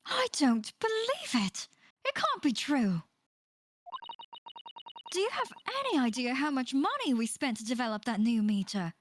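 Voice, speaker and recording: A woman's voice: fairly high pitch, big pitch swings, normal speed, long pauses, a little hiss or hum. A woman voicing an indignant, haughty noblewoman who demands proof, reading game dialogue over game music. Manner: imperious, affronted reading.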